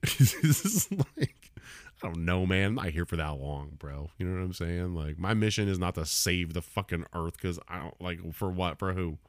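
A man's voice: low-pitched, no room sound, clean studio sound. A man in his thirties hosting a solo comedy podcast, ranting casually with lots of swearing and laughter. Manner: profane, rambling, laughs often.

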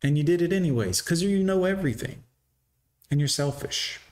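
A man's voice: on the high side, animated, fairly quick, a little mellow. A man giving sarcastic, scornful reaction commentary, lecturing his listeners.

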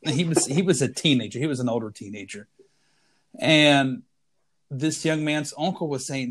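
A man's voice: medium pitch, normal speed, fairly bright tone. A man co-hosting a podcast, telling a funny story in casual chat and laughing through his punchlines. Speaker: podcast co-host.

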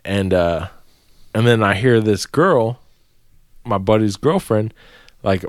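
A man's voice: fairly low pitch, a little slow, gravelly, no echo. A man co-hosting a podcast, telling a long profane story in casual chat from a small dry room. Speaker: podcast co-host.

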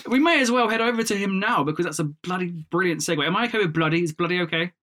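A man's voice: high-pitched, fast, pushed and bright. A man hosting a casual podcast, playful and teasing, laughing often. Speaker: podcast host.

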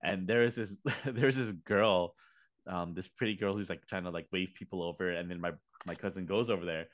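Laughing often, this man co-hosts a podcast and spins lively stories during relaxed chat. He speaks in a low-pitched voice at a slightly quick pace.

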